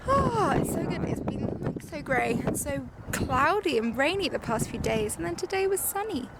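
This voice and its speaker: Bubbly high-voiced young woman vlogging. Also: very animated, normal speed. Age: young adult. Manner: upbeat and laughing. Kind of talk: casual vlog chat. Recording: loud background noise.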